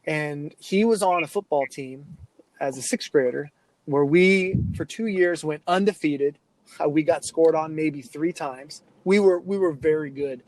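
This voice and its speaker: Male coach guest, fairly high voice, lively anecdote-teller. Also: a little slow, no echo, rough recording. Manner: animated anecdotes, acts out quoted kids. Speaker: youth sports coach, podcast guest. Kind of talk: storytelling in a casual interview.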